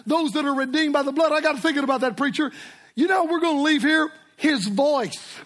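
An older man preaches in a church. His voice sits very high for a man. He tells stories with an emphatic, repetitive cadence. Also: brisk, a bit bright. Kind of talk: sermon.

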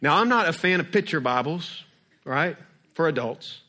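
Pastor, man, preaching in a lively storytelling way, slightly higher voice. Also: normal speed. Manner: lively storytelling, acting out scenes. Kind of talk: sermon.

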